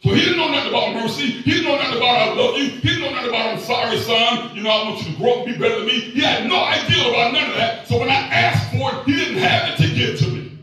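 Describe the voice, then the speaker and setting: A man in his fifties preaching a sermon, telling a personal story in a folksy, emphatic way with sudden shouts. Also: very high voice, fast, soft background music. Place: large echoey church hall. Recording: echoey hall, voice from far off.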